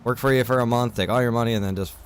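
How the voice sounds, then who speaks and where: A man's voice: mid-range voice, fairly even intonation, rapid-fire, a little hiss or hum. A man talking casually to his stream viewers, venting and swearing while he tells a frustrated story. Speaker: streamer and server owner.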